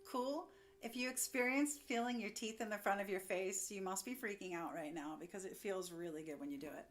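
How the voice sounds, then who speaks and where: A woman's voice: mid-range voice, music in the background. A young woman giving a singing lesson, upbeat and chatty, explaining as she goes. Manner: upbeat, explains with quick demos and laughs. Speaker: vocal coach.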